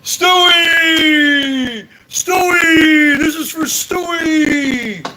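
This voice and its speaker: Man doing a whiny, drunken streamer: high, loud, slow wailing. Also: very noisy, full character voice. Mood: drunk shouting. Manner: wailing, repetitive complaining. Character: whining drunk older streamer, self-pitying.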